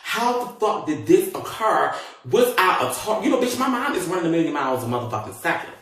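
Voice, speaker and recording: A man vlogging from a car, retelling a story in a dramatic, profane, animated way. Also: on the high side, a little fast. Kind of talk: casual storytelling. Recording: echoey and distant from the mic, faint noise.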